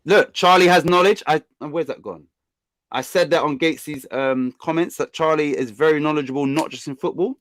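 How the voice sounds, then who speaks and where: A man's voice: a little high, a little fast, a bit bright, no echo. A man hosting a casual livestream, teasing and bossing his guest with lots of fillers. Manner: teasing, bossy banter with frequent fillers. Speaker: channel host.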